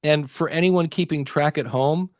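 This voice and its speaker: A man's voice: fairly high pitch, moderate pace, dry recording, studio quality. A man hosting a live podcast Q&A, talking in an easygoing, chatty way with joking asides. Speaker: podcast host.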